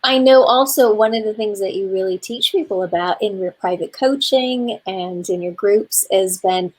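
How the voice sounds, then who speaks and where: A woman hosting a relaxed interview, speaking in an affirming way. Her pitch is ordinary for a woman. She pauses and fills gaps with small fillers as she talks. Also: low-quality recording. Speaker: host. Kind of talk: casual conversational interview.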